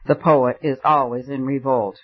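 A man's voice: mid-range voice, steady tone, normal speed, slightly rough, lightly acted. A man reading the part of a haughty, red-haired male anarchist poet with a supercilious manner. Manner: supercilious, then heated. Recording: dull lo-fi recording.

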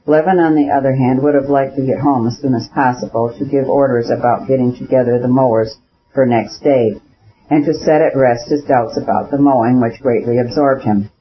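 A man reads a novel aloud in a steady, measured storytelling manner. His voice sits at a middle pitch, and the recording has a dull, lo-fi quality. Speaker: audiobook narrator. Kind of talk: scripted narration.

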